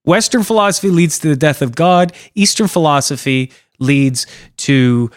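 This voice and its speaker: A man's voice: a little high, lively intonation, normal speed, no room sound, clean studio sound. A young man hosting a casual comedy podcast, rambling loosely, swearing a lot and acting out voices. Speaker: podcast host.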